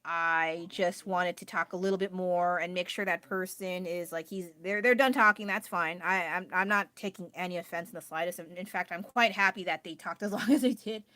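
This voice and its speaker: A woman's voice: fairly low pitch, a little fast, hardly any pauses, pushed and bright, no echo. A woman chatting casually on a livestream about her art, rambling and joking about herself. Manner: chatty, rambling, self-deprecating. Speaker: livestreaming artist. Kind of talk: casual chat. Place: home, indoors. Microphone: phone.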